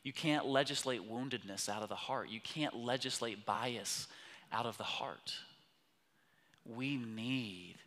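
A man preaching a sermon as pastor, impassioned, swinging from loud emphatic peaks to hushed whispers. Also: mid-range voice, slow. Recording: long hall reverb.

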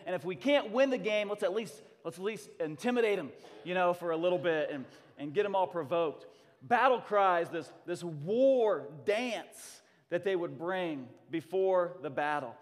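Upbeat preacher guy with a high voice cracking jokes, big church echo. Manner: energetic, joking storyteller. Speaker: pastor. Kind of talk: sermon. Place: church sanctuary. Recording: long reverb of a church hall.

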